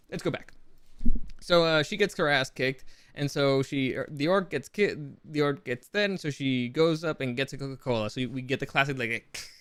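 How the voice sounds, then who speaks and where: A man's voice: fairly high pitch, brisk, a bit bright, clean tone, dry recording, studio quality. Chatty man hosting a gaming commentary show. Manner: chatty, rambling, frequent self-corrections. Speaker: show host.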